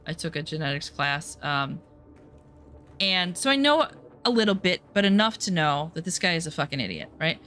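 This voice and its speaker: A woman's voice: deep voice, very animated, moderate pace, a bit bright, faint music behind. Sarcastic, cussing woman streamer. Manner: profane, sarcastic storytelling. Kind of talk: casual chat while gaming.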